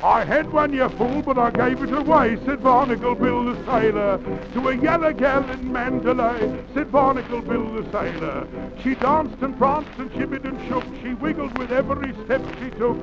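A man's voice: very high-pitched, moderate pace, hardly any pauses. A man singing the part of a boastful, salty old sailor in a comic music hall style on an old 78 record. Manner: comic sung-spoken music hall delivery. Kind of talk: 1920s comic novelty record. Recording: dull lo-fi 78 rpm record with band.

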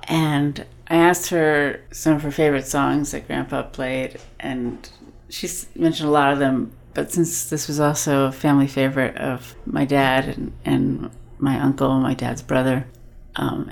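A woman, a guest on a radio show, warmly reminiscing about her family. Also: extremely low pitch, level tone, unhurried, vocal fry. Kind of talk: personal remembrance.

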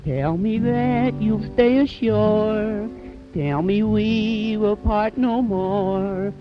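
A woman's voice: medium pitch, very slow, over music. A woman singing the part of a fretful fair young maiden, with plaintive, pleading questions on an old novelty record. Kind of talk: 1920s novelty song record. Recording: muffled old 78 record with band.

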